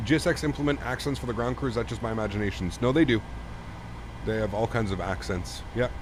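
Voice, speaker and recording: A man's voice: mid-range voice, quick pace. A man from Canada streaming a flight sim, chatting casually and thanking viewers as he reads chat. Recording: steady background noise.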